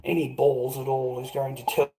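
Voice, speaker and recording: A man's voice: medium pitch, flat delivery, normal speed, dark tone, slight background noise. Aussie guy livestreaming, swears a lot, aggressive and repetitive, middle-aged. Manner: aggressive, swearing, repeats himself. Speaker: live streamer. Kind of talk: confrontational live stream rant.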